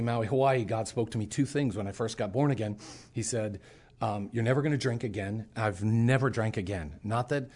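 A middle-aged man, a preacher, telling a personal testimony in casual talk and acting out the voices of the people in his story. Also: medium pitch. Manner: animated storyteller, acts out quoted voices.

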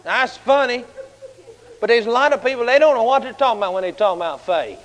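A man preaching a fiery sermon, shouting at times and telling stories in a colloquial way. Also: very high voice, lively intonation, quick pace. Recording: large hall with long reverb.

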